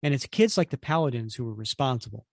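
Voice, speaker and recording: A man's voice: mid-range voice, lively intonation, fast talker, creaky, dry recording, clean studio sound. A man voicing a cold female villain delivering an accusing monologue. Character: cold anti-hero woman villain.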